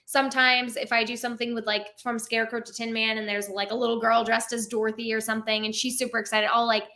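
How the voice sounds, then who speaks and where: A woman's voice: on the high side, level tone, fast talker, sharp tone. A young woman telling stories in a casual interview as a theme park performer, chatty and full of "like" fillers. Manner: chatty, many "like" fillers, laughs often.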